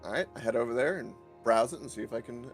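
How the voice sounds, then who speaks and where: A man's voice: medium pitch, fast, faint music behind. A man playing a tabletop game, joking and haggling playfully in character. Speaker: player. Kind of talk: tabletop role-play.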